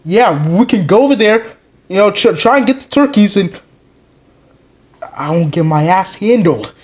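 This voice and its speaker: A man's voice: high voice, normal speed, slight background noise, pitched above the performer's own voice. A man doing a hot-headed, swearing puppet. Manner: swearing, excitable, rising to shouts. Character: hot-headed foul-mouthed male plush puppet. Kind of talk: plush puppet comedy skit.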